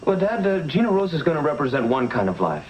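A young actor playing an earnest, idealistic son planning a film in a 1960s sitcom. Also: male voice, fairly high pitch, sing-song, fast talker, slight background noise. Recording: dull old TV soundtrack with music.

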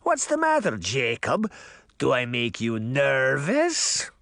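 A man's voice: medium pitch, wildly swooping pitch, takes it slowly, vocal fry, fairly bright tone, dry recording, studio quality, heavily acted. A man voicing a crusty old female witch with a thick Russian accent, mocking and relishing her threats.

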